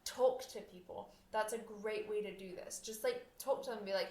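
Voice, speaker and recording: A woman's voice: medium pitch, normal speed, few pauses, a little mellow. A young adult woman hosting a podcast, chatting casually with lots of fillers and restarts, often laughing. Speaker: podcast host and oboist. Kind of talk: casual solo podcast talk. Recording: echoey room.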